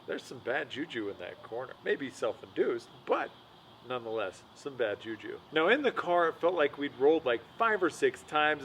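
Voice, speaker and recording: A man's voice: mid-range voice, a bit bright, rough recording. A young man narrates his own vlog in a frank, casual, self-mocking way. His voice sits in the middle range, with a faint hiss in the background. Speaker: vlogger, host of the show. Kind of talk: storytelling voice-over narration.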